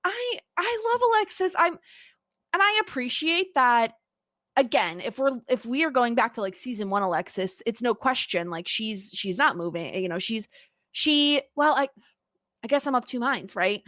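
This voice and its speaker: In a casual podcast chat, a woman co-host gushes with enthusiasm at a normal speed. Her slightly bright voice is on the high side with lively intonation, and the clean studio sound carries no room sound.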